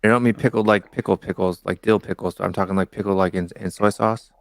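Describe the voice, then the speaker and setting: A man's voice: low-pitched, fairly even intonation, quick pace, vocal fry, no echo. A man hosting a casual call-in chat, talking in a loose, offhand way.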